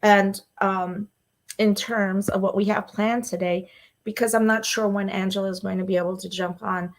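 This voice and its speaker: A woman hosting a solo livestream show, talking casually and excitedly with frequent laughs and fillers. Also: medium pitch. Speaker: podcast host.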